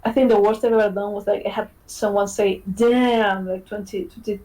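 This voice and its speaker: A woman's voice: mid-range voice, little pitch movement, fast talker, mellow, poor audio. A woman hosting a podcast, chatting casually and animatedly, swearing and laughing often. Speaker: podcast host, game developer. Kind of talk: casual chat.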